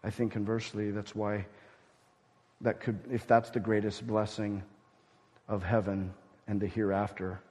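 A man preaching a sermon as pastor, swinging from loud emphatic lines to hushed, near-whispered ones. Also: fairly low pitch, flat delivery, measured pace, in a large hall.

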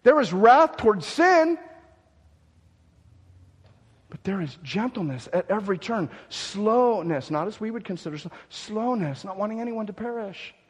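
A man preaching a sermon, swinging between loud emphatic declarations and soft gentle murmuring, often repeating words as he restarts. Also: sits high, animated, moderate pace, few pauses, husky. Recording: long hall reverb.

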